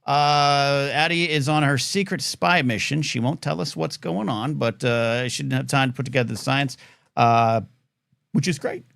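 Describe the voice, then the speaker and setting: A man hosting a live call-in talk show at a mid pitch, rambling excitedly and restarting his sentences. His voice sounds close and dry, with no room around it. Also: moderate pace, gravelly, clean tone, dry recording. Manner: rambling, animated, stammering restarts. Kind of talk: casual call-in show chat.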